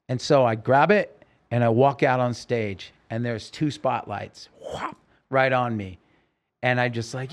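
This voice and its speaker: A man's voice: medium pitch, fairly even intonation, unhurried. A man telling his life story as a podcast guest, acting out the voices of people he quotes. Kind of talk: storytelling interview. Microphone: podcast microphone.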